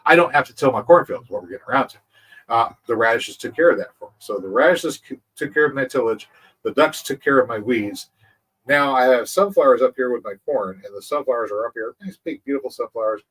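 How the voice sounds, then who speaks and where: Guy with a husky voice rambling about his farm, kinda far from the mic. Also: mid-range voice, brisk, fairly bright tone. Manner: rambling, repeats words, chuckles. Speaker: agroforestry channel host. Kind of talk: casual farm explainer.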